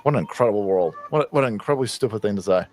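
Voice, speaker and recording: A man's voice: on the low side, expressive, racing, background noise. A man in his fifties doing sarcastic reaction commentary on a stream, mocking, ranting and laughing often. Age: 50s.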